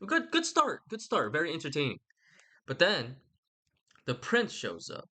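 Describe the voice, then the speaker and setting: A man's voice: fairly high pitch, huge pitch swings, measured pace, sharp tone. A young man giving a rambling, casual retelling of a story, irreverent and slangy, swearing and interrupting himself. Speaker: channel host.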